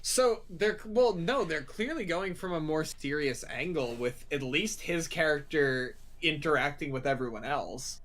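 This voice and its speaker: A young man co-hosts a casual movie chat podcast, rambling, swearing freely, and doing silly voices. His slightly high voice is animated and fairly bright, unhurried with few pauses.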